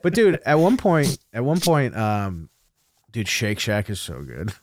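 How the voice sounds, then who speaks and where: A man's voice: fairly low pitch, wildly swooping pitch, measured pace, no room sound, clean studio sound. A man co-hosting a casual chat, telling rambling stories with frequent laughter. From New England. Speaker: podcast co-host.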